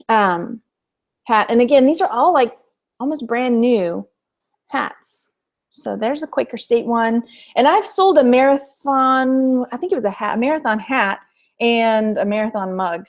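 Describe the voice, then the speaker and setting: A woman's voice: a little high, a little mellow. A woman from Texas who hosts a casual live stream as a reseller. She chats about her finds and laughs often.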